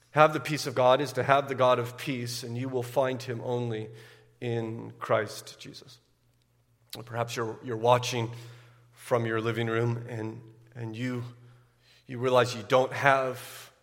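A man preaching a sermon as pastor, often repeating words as he builds, rising loud and high at key points. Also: little pitch movement, a little slow, in a large hall.

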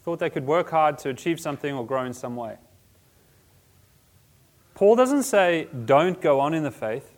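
A man's voice: fairly high pitch, lively intonation, moderate pace, pauses often. Man teaching casually to a group. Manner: conversational, self-correcting, with humorous asides. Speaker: teacher of a church class. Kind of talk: informal teaching talk.

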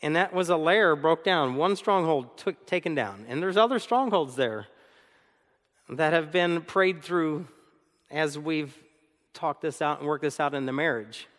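A man preaching a sermon as co-pastor, animated, acting out arguments and laughing often. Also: fairly high pitch, measured pace, in a large hall.

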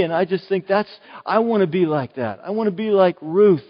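Older pastor in an echoey hall. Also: male voice, sits high, expressive, moderate pace, few pauses. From Oklahoma, US. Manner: earnest, emphatic, with frequent restarts. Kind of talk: sermon. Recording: dull, echoey hall recording.

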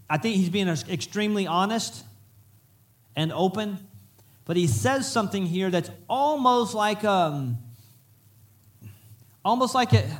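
A man preaching a conversational, animated sermon in a church, often restarting his sentences. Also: high voice. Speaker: pastor. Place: church sanctuary.

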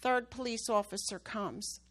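Her voice on the high side and a bit bright, a woman preaches a little slowly to her church. She tells a testimony story, pushing into emphatic, rising bursts at the crucial points.

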